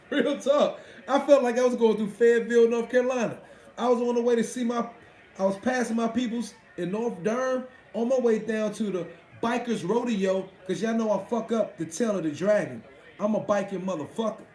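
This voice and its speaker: A man's voice: high voice, a little mellow, echoey room, poor audio. A man hosting a live stream, chatting casually with his viewers in a profane, boastful way. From Washington D.C.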